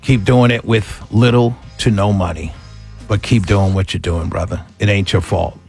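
A man's voice: on the low side, normal speed, gravelly, faint music behind. A man hosting a radio talk show, ranting in an incredulous, sarcastic way. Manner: animated, incredulous, ranting with sarcastic quoted voices and laughs. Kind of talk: opinionated radio monologue.

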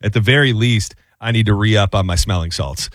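A man's voice: lowish voice, fairly quick, dry recording. A man co-hosting a casual sports talk show in a studio, rambling and repeating words as he tells stories. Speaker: podcast co-host.

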